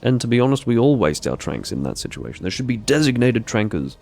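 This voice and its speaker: A man giving relaxed, rambling commentary while playing a game live, with dry, self-deprecating asides. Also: medium pitch, quick pace, gravelly. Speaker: gaming streamer.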